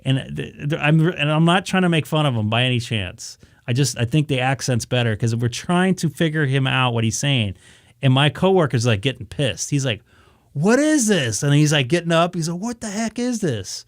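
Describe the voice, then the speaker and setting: On a ham radio live stream, a man with a medium-pitched voice casually tells a story a little fast, animatedly acting out his own reactions and restarting often. The sound is clean studio quality and dry, with no room sound.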